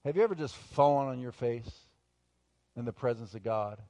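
A male pastor preaching a sermon, moving between quiet, intimate asides and loud, emphatic bursts. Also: medium pitch, a little slow, no room sound, highs cut off.

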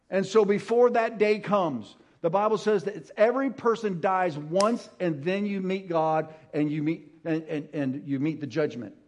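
A middle-aged male pastor preaching a sermon, swinging from soft hushed words to loud emphatic ones. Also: on the high side.

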